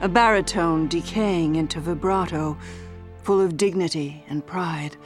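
A woman with a fairly low voice reads a story aloud in the first person, measured and expressive. Faint music sits far in the background. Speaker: audiobook narrator. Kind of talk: scripted story narration.

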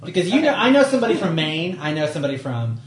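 A man's voice: on the high side, big pitch swings, very fast. A man playing a tabletop game, joking and teasing the group, laughing often. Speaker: player. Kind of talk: casual chat at a game table. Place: room with a group around a table. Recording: echoey room.

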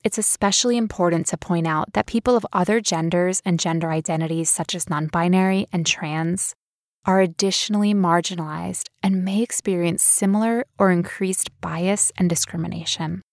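A woman's voice: lowish voice, normal speed, no echo, clean studio sound. A woman co-hosting a podcast, talking casually with sarcastic asides. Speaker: podcast co-host.

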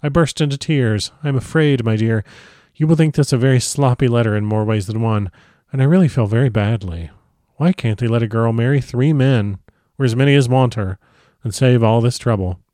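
Man gently reading a classic novel. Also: mid-range voice, a little fast, dry recording, clean studio sound. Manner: gentle, expressive storytelling. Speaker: audiobook reader.

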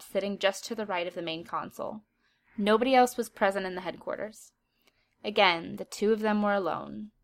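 A woman narrating a story aloud in an even, steady storytelling manner. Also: mid-range voice.

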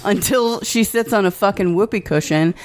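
A woman's voice: mid-range voice, moderate pace. A woman co-hosting a casual chat, dry and sarcastic, swearing freely. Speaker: podcast co-host.

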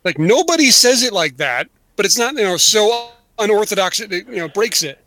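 A man's voice: high voice, expressive, moderate pace, bright, forceful tone, slight background noise. A man co-hosting a podcast, chatting casually and acting out quotes in mock voices. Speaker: podcast co-host. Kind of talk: casual chat.

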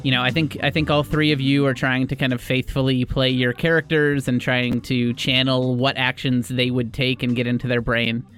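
A man's voice: mid-range voice, flat delivery, fairly bright tone, faint music behind. Man narrating a tabletop game. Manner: measured storytelling, then thoughtful rambling with fillers. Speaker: game master. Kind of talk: scripted narration and casual chat.

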